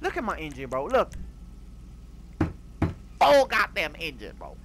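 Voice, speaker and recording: A man doing comedic game commentary, loud and theatrical, swinging between mock grief and yelling. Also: sits high, very animated, moderate pace, long pauses. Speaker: gaming YouTuber. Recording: background noise under the voice.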